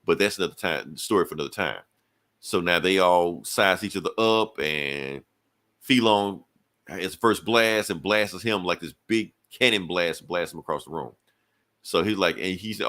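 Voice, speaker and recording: A man's voice: low-pitched, expressive, moderate pace, fairly bright tone. A man hosting a podcast, casually recapping a comic book in a rambling, slangy way. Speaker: podcast host.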